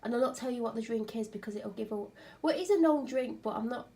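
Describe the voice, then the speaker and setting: A woman's voice: fairly high pitch, fast, warm tone. Chatty, tired woman vlogging at home. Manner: chatty, rambling, self-mocking. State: ill and tired. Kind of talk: casual chat. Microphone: clip-on microphone.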